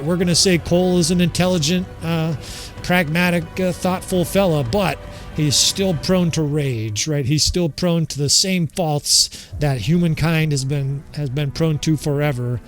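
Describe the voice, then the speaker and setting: A man's voice: on the high side, unhurried. A man with a slightly raised voice gives casual, unscripted gameplay commentary, candid and peppered with swearing. He talks straight to his viewers while faint game music plays underneath. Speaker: gaming channel host.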